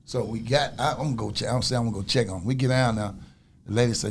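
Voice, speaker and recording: A man's voice: mid-range voice, rapid-fire, slight background noise. A middle-aged man in casual conversation, retelling a story in a laid-back way with quoted dialogue.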